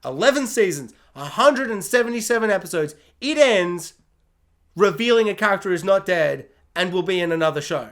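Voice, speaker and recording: A man's voice: high-pitched, animated, normal speed. A man reviewing a TV show in a sarcastic, exaggerated, rambling comic rant. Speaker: YouTube TV reviewer.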